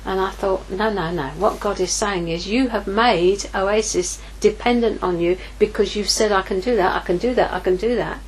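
A woman's voice: mid-range voice, moderate pace, few pauses, a little hiss or hum, low-quality recording. A middle-aged woman giving an informal sermon, telling a personal story candidly and acting out her own inner dialogue. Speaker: ministry leader preaching.

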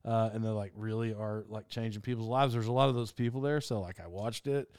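A man's voice: fairly low pitch, steady tone, brisk, darkish tone, clear, resonant tone, no room sound, studio quality. A man hosting his own podcast, telling a rambling, self-mocking story and laughing often. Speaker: podcast host. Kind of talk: casual storytelling monologue.

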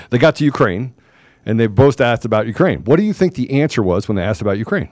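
Man, political commentary host, emphatic, animated, dry close-miked sound. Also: medium pitch, brisk, no room sound. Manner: emphatic, animated storytelling with quoted dialogue. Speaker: show host.

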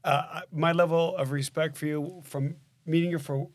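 A man's voice: fairly high pitch, steady tone, normal speed. A man hosting a podcast, chatting casually and heaping effusive praise on his guest. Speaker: podcast host. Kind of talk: casual chat.

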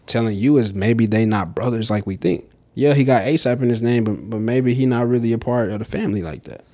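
A man's voice: mid-range voice, fairly quick, mellow. A man co-hosting a podcast in casual chat, laid-back, reading out news and laughing often. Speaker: podcast co-host.

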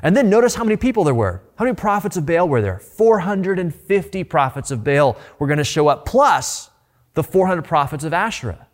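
Animated, conversational male preacher. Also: a little high, brisk. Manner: animated, asks rhetorical questions; conversational, informal. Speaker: pastor. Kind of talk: sermon.

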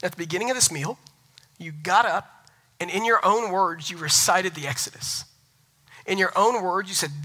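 A young man preaching a sermon as pastor, telling stories with animated, rising energy. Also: a little high, breathy edge, low-quality recording. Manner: animated storytelling, rising loud when excited.

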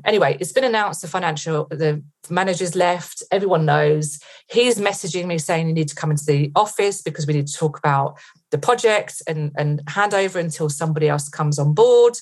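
Woman telling a vivid story, low voice. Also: fairly quick. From England. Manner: vivid retelling with quoted inner thoughts. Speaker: podcast guest. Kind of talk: storytelling in a podcast interview.

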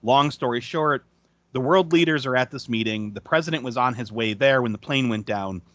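A man's voice: mid-range voice, moderate pace, fairly bright tone, no room sound, muffled recording. A man co-hosting a podcast, recapping a movie in casual chat, swearing freely and laughing often. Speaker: podcast co-host.

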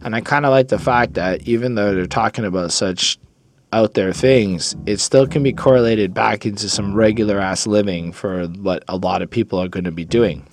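A man giving a casual, rambling music review, swearing freely and filling pauses with ums and uhs. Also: lowish voice. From Jewish. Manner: rambling, profane, with frequent fillers and restarts. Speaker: album reviewer.

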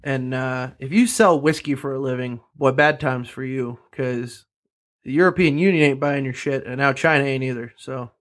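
A man's voice: mid-range voice, normal speed, a bit bright. A man co-hosting a podcast, giving blunt, wry takes on the news in casual banter. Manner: blunt, wry, laughs often. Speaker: podcast co-host.

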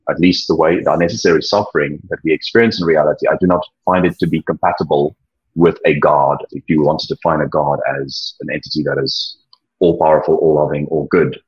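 Casting note: low, husky male voice, hesitant and thoughtful, dull lo-fi recording. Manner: halting, repeats words, many ums. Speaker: interview guest, former church leader. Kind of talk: reflective conversational interview. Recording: dull lo-fi audio.

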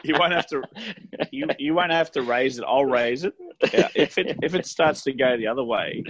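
A man's voice: medium pitch, normal speed, slightly rough, no room sound. A man who hosts a podcast as a financial advisor, chatting casually with dry self-mocking humour. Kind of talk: casual chat. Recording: dull, dry lo-fi recording.

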